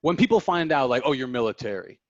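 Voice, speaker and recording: Guy hosting a podcast, halting questions, dry kinda muffled sound. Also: mid-range voice, very animated, no room sound. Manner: halting, searches for words and restarts questions. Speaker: podcast host. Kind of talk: casual interview chat.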